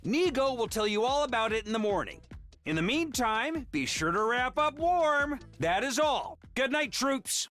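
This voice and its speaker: A high, bright male voice delivers an official announcement with breezy, slightly sly cheer. The tone is crisp and tense at the edges, and the pitch bounces. Faint music lies behind. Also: very animated, moderate pace, exaggerated voice. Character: cheerful, offhand man making school announcements. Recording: game audio with faint music.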